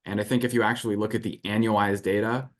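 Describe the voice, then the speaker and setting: A man with a low voice answers interview questions at a brisk clip. He speaks as an analyst and packs his answers densely with policy terms. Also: flat delivery. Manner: rapid, analytical, jargon-heavy. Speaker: research firm guest.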